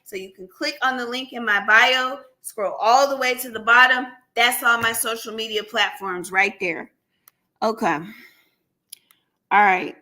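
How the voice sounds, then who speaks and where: High, bright-voiced chatty woman host. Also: measured pace. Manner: chatty, keeps addressing the crowd as y'all; bursts into excited shouts and laughter. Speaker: livestream host running a giveaway. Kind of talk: casual livestream chat with viewers. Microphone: computer mic on a live stream.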